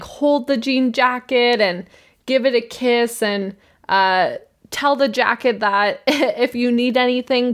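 A Canadian woman co-hosting a podcast, recapping a show with wry, playful remarks. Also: a little high. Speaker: podcast co-host. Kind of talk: casual chat recap. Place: room at home.

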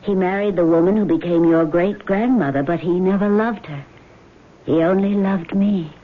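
An actress playing a vengeful female ghost in a 1970s radio drama, speaking slowly and sometimes whispering. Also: fairly low pitch, lightly acted. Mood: cold, menacing. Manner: slow, measured, sometimes whispering. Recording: tinny old radio broadcast with faint hiss.

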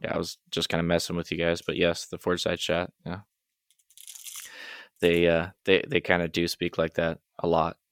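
Deep smooth voiced guy on a podcast, sarcastic, super dry sound. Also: completely flat delivery, normal speed, fairly bright tone, dry recording. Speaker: podcast co-host. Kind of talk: casual chat.

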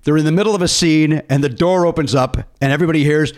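A man's voice: on the high side, fast, hardly any pauses. A man hosting a casual comedy podcast, telling stories and acting out the people in them with raised voices. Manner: animated storyteller, acts out quotes in raised voices. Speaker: podcast host.

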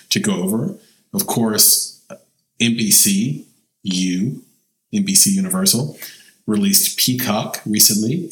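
A man with a fairly low voice co-hosts a casual podcast, leaning hard on certain words and drawing them out. The room around him rings with a noticeable echo. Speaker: podcast co-host.

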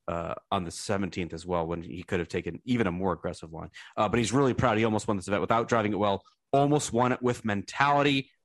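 A man in his thirties co-hosting a casual podcast, telling stories in an animated, self-deprecating way. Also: fairly low pitch, dry recording, studio quality. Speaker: podcast co-host.

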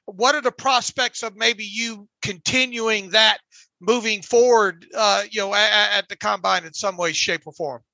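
A man's voice: high voice, fairly even intonation, normal speed, creaky, pushed and bright, no room sound. A man hosting a podcast, interviewing a guest with detailed, probing questions. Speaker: podcast host.

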